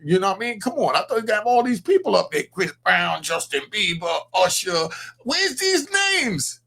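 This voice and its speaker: A man's voice: high voice, brisk, creaky, fairly bright tone. A man hosting a podcast, giving blunt, profane, street-style commentary with lots of energy. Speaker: podcast host. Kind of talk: casual opinionated commentary.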